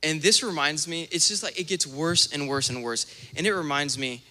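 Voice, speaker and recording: A young man preaches in a church sanctuary, his voice very bright and a little higher than most men's. He tells stories with animated acted-out asides. A long hall reverb trails every phrase. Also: moderate pace. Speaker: minister. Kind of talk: sermon.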